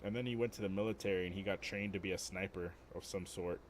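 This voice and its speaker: A man's voice: sits low, steady tone, fast, a little hiss or hum. A young man streaming, telling rambling, profane stories and laughing at his own jokes. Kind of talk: casual storytelling.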